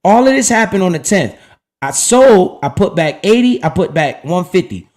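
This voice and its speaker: Slangy man livestreaming, voice a bit high. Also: big pitch swings, moderate pace. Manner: loose slang-heavy talk, often trails off quiet and low. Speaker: livestream host talking investing. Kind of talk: casual livestream talk.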